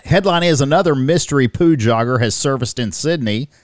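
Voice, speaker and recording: A man's voice: mid-range voice, fairly quick, dry recording, studio quality. A man co-hosting a comedic news podcast, reading headlines aloud and joking between them. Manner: jokey, reads headlines aloud, laughs often. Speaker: podcast co-host.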